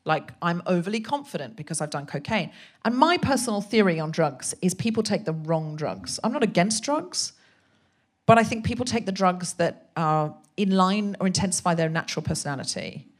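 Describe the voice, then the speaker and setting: A woman guest on a podcast, telling a comic story in a casual, animated way, sometimes swearing and acting out voices. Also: fairly low pitch, normal speed. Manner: animated, swearing, acts out voices in her anecdotes.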